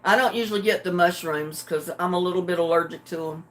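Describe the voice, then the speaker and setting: An older woman chatting casually with her livestream viewers, drowsy and relaxed, homey and chuckling often. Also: on the low side, fast talker. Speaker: livestream host. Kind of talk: casual chat with live viewers.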